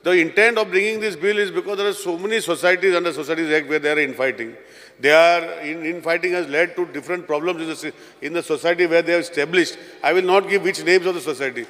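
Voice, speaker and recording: Guy rattling off a bill in the assembly, high voice, keeps saying speaker sir, big echoey chamber. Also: fairly even intonation, fast talker, fairly bright tone. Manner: mixes Konkani and English, keeps addressing the Speaker. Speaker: minister presenting a bill. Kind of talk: legislative debate speech. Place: legislative assembly hall. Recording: long reverb in assembly chamber.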